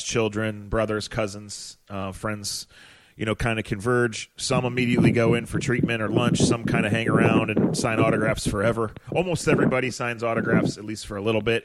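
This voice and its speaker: A man's voice: fairly low pitch, no room sound. A man who covers a football team as a reporter and co-hosts a podcast, telling rambling anecdotes in casual chat. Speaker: sports reporter and podcast co-host.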